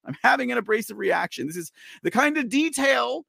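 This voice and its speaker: His high-pitched voice swoops wildly, and he talks a little fast with hardly any pauses, sounding creaky, husky, bright and forceful. He's a livestream news show host ranting in exasperation, reading viewer chat, laughing often and repeating himself. The sound is clean studio quality with no echo.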